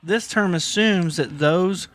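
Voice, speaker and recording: A man co-hosting a podcast, talking in an emphatic, teasing, animated way. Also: high voice, takes it slowly, no echo. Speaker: podcast co-host. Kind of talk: casual podcast chat.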